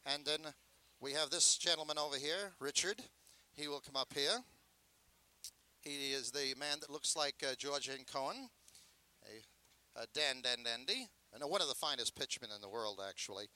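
An older man, a carnival talker and pitchman, on a festival stage with a handheld mic, switching between loud joking sales patter and chatty stories. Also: moderate pace. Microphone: handheld microphone.

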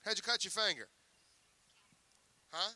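A man doing sideshow magic patter on stage, teasing a volunteer with jokes. His voice sits high for a man and sounds very bright and forward. The sound is dry and close. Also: expressive, measured pace, dry recording. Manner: joking, teasing showman banter.

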